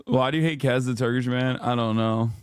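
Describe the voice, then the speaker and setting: A man's voice: mid-range voice, a little fast, clean tone, no room sound. Guy streamer ranting to chat, swears a lot, laughs between lines, dry close mic. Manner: brash, profane, laughing, mock accents. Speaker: streamer reacting to a video. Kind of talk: casual live-stream chat.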